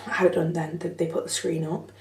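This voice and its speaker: A woman's voice: deep voice, flat delivery, quick pace, gravelly, a little mellow, slight background noise. A young woman telling her story in a chatty, frank vlog, swearing casually. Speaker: vlogger. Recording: echoey room, slightly far from mic.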